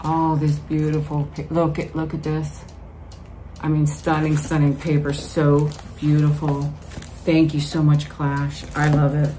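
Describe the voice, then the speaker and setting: A woman with a low-pitched voice opens mail on camera and gushes to her viewers. She talks in an excited, casual way. A faint hum of room noise sits behind her. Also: a little slow. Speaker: vlogger. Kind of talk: casual mail-opening vlog.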